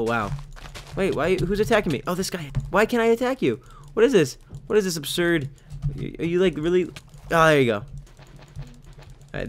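A young man giving excitable live commentary over his own gameplay, cheering and yelping at what happens on screen. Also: medium pitch. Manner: excitable, yelps and laughs at game events. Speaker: gaming channel host.

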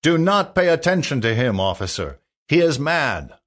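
A man doing a loyal knight pleading loudly. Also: a little high, sing-song, moderate pace, pitched above the performer's own voice. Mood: commanding. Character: brave loyal male knight, grown man.

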